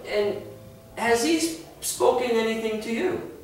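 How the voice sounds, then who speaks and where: A woman with a fairly high voice speaks unhurriedly as she playfully interviews young children, teasing them with questions and exclamations. The recording is distant and echoey, with music playing in the background.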